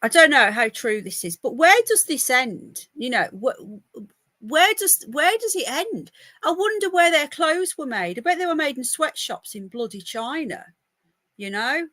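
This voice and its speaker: Brief: woman, chatty home podcast host, bright, slightly high voice, dry close laptop sound, rambling and easily sidetracked. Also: animated, measured pace, no echo. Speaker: podcast host reading news. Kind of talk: casual live news chat. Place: home by a window. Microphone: laptop mic.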